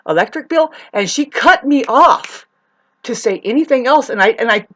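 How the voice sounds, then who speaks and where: A woman's voice: on the high side, animated, moderate pace, fairly bright tone, rough recording. A woman telling a personal story to camera as a vlogger, rambling and restarting, heated and swearing. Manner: rambling, repeats herself, restarts often.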